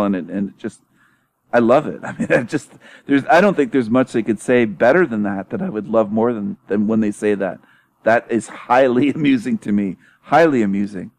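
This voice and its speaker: Mocking his detractors, a YouTube channel host laughs often, swears and repeats himself for emphasis in a relaxed solo monologue. He has a lowish, somewhat mellow voice.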